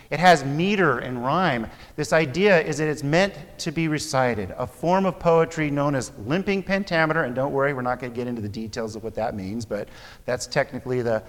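A man's voice: fairly high pitch, fairly bright tone. An American man giving a Bible class lecture, earnest and discursive, often correcting himself mid-sentence. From United States. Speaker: Bible teacher. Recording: long hall reverb.

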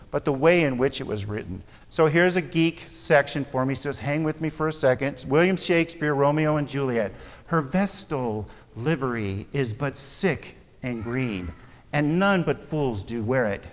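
An American man giving a Bible class lecture, earnest and discursive, often correcting himself mid-sentence. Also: fairly high pitch. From United States. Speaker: Bible teacher. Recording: long hall reverb.

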